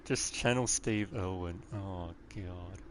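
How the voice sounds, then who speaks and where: Against a noisy background, an Australian man with a low voice livestreams a game, offering casual commentary that keeps rambling into rants.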